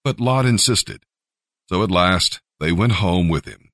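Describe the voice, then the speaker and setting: A man narrating a scripture story with expressive storytelling. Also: low-pitched, measured pace, dry recording, studio quality. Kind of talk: scripture reading.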